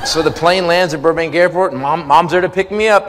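A man tells a story on stage in a live comedy set, his voice slightly high and bursting into loud, pitched-up act-outs of other people. The recording rings with a long hall reverb. Heavy crowd noise and laughter fill the background. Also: a little fast. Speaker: stand-up comedian. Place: comedy venue with live audience. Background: audience laughter.

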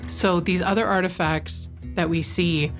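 A woman's voice: on the low side, steady tone, unhurried, faint music behind. A woman speaking in an interview, engaged and emphatic as she lists things out. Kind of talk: interview explanation.

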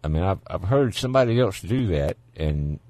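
A man with a Southern US drawl hosts a call-in radio show in a casual, folksy way, trading jokes with callers. His voice sits very low. The studio sound is close and dry, with no room around it. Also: expressive, normal speed, a little mellow, dry recording. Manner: folksy, joking, laughs easily. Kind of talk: casual talk radio chat. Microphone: studio microphone.

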